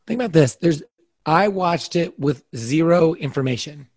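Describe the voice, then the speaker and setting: A man co-hosting a casual podcast chat, stumbling through questions and then rattling off quick defenses of himself. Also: fairly high pitch, animated, a little mellow, no room sound. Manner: halting, restarts questions, speeds up when defending himself. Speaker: podcast co-host.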